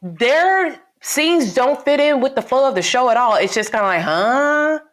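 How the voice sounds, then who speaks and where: A woman's voice: high voice, animated, measured pace. A woman guest on a casual podcast, reacting bluntly with frequent swearing. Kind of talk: casual chat.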